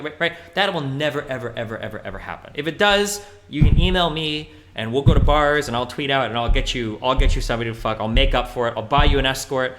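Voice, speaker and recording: A man's voice: medium pitch, fast talker, few pauses, a bit bright. A male streamer giving casual livestream commentary, talking bluntly and profanely in a rambling way with many fillers.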